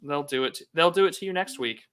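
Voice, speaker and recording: A man co-hosting a podcast in casual talk, speaking haltingly and wryly with many stops and restarts. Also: fairly high pitch, a crowd in the background. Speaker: podcast co-host.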